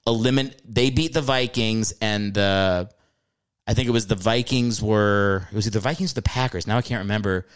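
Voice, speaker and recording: A man's voice: fairly low pitch, brisk, clear, resonant tone. A man hosting a casual podcast, talking loosely and swearing while rambling about football. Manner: rambling, profane, football talk. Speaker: podcast host.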